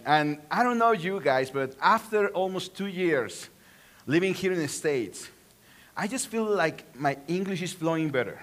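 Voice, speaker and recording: A man's voice: on the high side, fairly bright tone. A man from Mexico, a Spanish speaker with a Mexican accent, preaching a playful sermon and joking with his congregation. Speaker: pastor. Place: church auditorium.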